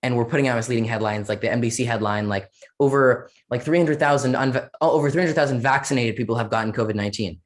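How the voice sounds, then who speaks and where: A man's voice: medium pitch, quick pace. A man speaking as a guest in a casual podcast interview, rambling with many fillers and sarcastic asides.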